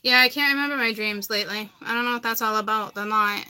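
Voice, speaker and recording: A woman's voice: on the high side, fast, hardly any pauses, noisy background. A woman from Massachusetts with a Massachusetts accent, chatting casually and rambling on a live tarot stream, often repeating herself. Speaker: tarot card reader on a livestream.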